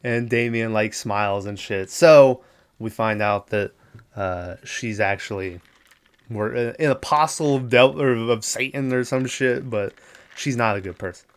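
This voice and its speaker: A man's voice: mid-range voice, unhurried, clean tone. A man hosting a podcast, rambling through a movie plot in a loose, profane way and acting out the characters' lines. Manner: profane, rambling storytelling with quoted voices. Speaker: podcast host. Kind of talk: casual solo movie recap.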